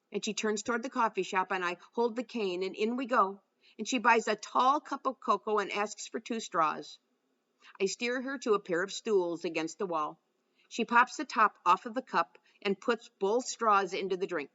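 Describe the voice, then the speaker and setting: A woman narrating a first-person novel aloud with a steady storytelling delivery. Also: mid-range voice, moderate pace, lo-fi sound. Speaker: audiobook narrator.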